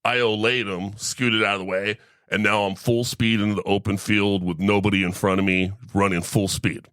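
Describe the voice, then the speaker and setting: A man's voice: on the low side, normal speed, clear, resonant tone, dry recording, studio quality. A middle-aged man hosting a sports podcast, telling a story in casual chat and tagging his lines with "right?". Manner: animated storyteller, tag questions like right?. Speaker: podcast host.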